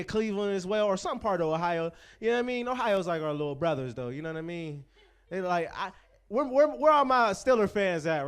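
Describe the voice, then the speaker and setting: A man's voice: sits high, clear, resonant tone. A man in his twenties from Pittsburgh, hosting a stand-up show with loose, profane banter and crowd work. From Pittsburgh, USA. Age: 20s. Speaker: comedy show host.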